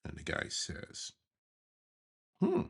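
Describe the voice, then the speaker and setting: A man from the USA, hosting a podcast, telling a childhood memory in an animated way and chuckling as he goes. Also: low-pitched, takes it slowly, husky. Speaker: podcast host. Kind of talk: memoir storytelling podcast.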